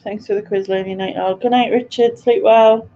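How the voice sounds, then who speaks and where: A woman's voice: mid-range voice, steady tone, moderate pace, warm tone, a little hiss or hum. A woman hosting a live quiz stream in a chatty, giggly way, reading out viewers' answers. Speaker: quiz host. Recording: dull lo-fi stream audio with faint ambience.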